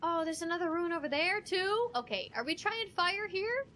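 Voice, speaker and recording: A woman streaming a game live from home, reacting with excitable, alarmed exclamations as she plays. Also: very high voice, moderate pace, a little hiss or hum. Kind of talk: live gameplay commentary.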